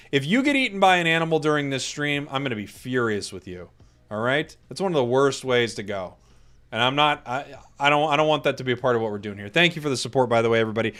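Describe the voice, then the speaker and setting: This esports caster has a mid-range, slightly bright voice with lively intonation. Joking with his stream chat in mock outrage during a break, he keeps stammering and restarting his sentences and lets out quick laughs.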